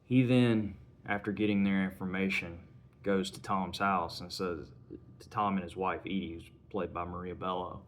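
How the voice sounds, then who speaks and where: A man's voice: low voice, steady tone, moderate pace. A man giving a casual spoken film review, retelling scenes in a conversational way. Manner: retells scenes conversationally, acting out lines in passing.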